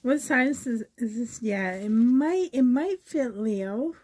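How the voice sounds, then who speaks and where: Unboxing gifts for her camera, a reborn doll vlogger from Canada exclaims and gushes over every item in casual chat. Her voice is fairly high, slow, a little mellow, and lively in intonation, though sore and a bit strained.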